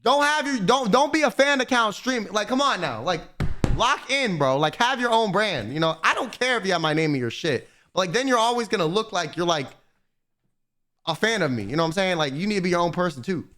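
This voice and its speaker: Lively young man chatting to his stream. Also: high-pitched, a little fast. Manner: slangy, swears often, animated rants. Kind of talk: casual chat to stream chat.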